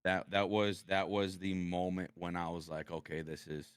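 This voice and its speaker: A man, a podcast guest, talking about his past in halting sentences and often repeating his words. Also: low-pitched, little pitch movement, smooth, no room sound, clean studio sound. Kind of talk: personal interview conversation.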